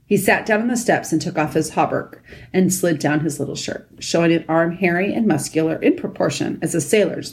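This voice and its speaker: A woman narrating a children's storybook at a steady pace. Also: lowish voice. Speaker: audiobook narrator.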